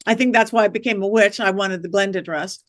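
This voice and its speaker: Woman, podcast guest, witch and medium, animated storyteller, acts out quoted voices, mid pitch, dry close mic. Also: quick pace, no room sound. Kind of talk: storytelling interview chat.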